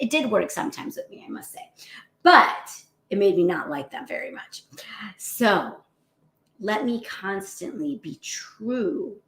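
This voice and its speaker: Animated woman physician, lively motivational talk. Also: mid-range voice, normal speed, creaky, reverberant. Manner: animated, acts out self-critical inner voices, often adds "right?".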